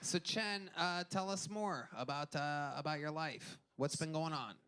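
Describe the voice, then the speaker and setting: A man's voice: on the high side, unhurried. Teasing male stream host, noisy mic. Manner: teasing, crude jokes. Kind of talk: casual comedic chat.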